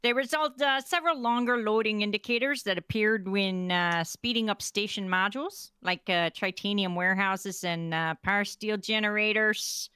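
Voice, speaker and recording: A woman's voice: mid-range voice, moderate pace, hardly any pauses, bright, forceful tone, clean tone, no echo. A woman hosting a casual stream, reading update notes aloud and tripping over words. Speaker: host reading patch notes.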